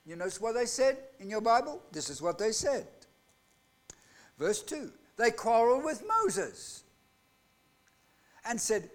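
A man preaching a live sermon in a church. He asks the congregation rhetorical questions and swings between loud outbursts and hushed lines. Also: extremely high pitch, sing-song, slow pace, long pauses. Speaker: pastor. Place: church hall.

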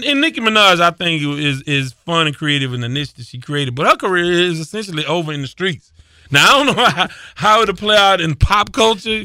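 A middle-aged man hosts a casual sports podcast in a bright, ringing voice, recorded dry and close. He talks in an animated, self-deprecating way and laughs often. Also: high voice, no room sound. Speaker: podcast host.

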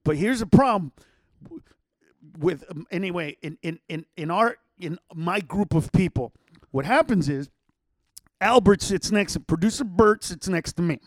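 A man with a notably high voice hosts a podcast from his home setup, and the sound is close and dry with no room around it. He tells stories in a loose, animated way, swearing freely and jumping into other people's voices to act out what they said. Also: moderate pace, no room sound. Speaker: podcast host. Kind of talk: casual storytelling to listeners.

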